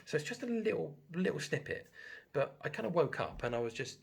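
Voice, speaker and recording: A man's voice: fairly high pitch, sing-song, brisk, gravelly, husky. A man casually recounting a dream in a hesitant, rambling way, full of fillers and restarts. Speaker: video host. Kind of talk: casual storytelling about a dream.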